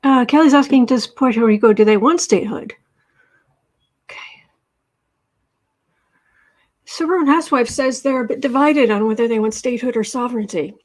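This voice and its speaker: A woman's voice: a little high, normal speed, long pauses. A woman hosting a tarot livestream, chatting casually and reading out viewer comments. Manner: soft-spoken, cooing to a pet cat between readings. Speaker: tarot reader and livestream host.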